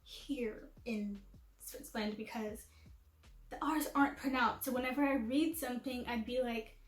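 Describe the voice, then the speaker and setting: A woman's voice: on the high side, fairly even intonation, moderate pace, roomy sound, soft background music, low-quality recording. A woman vlogger chatting casually and self-deprecatingly to camera, laughing at herself.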